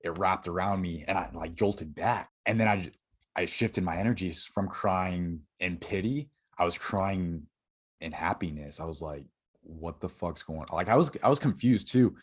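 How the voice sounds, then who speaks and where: A young man with a notably deep, low voice talks as an interview guest. He tells a personal story in a candid, halting way, stopping and restarting and leaning on fillers. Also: breathy edge. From Florida. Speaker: podcast guest.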